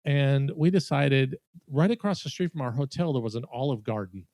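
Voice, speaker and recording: A man's voice: medium pitch, normal speed, dry recording. A man hosting a podcast, telling a funny story in casual chat. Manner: storytelling, animated and joking. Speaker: podcast host.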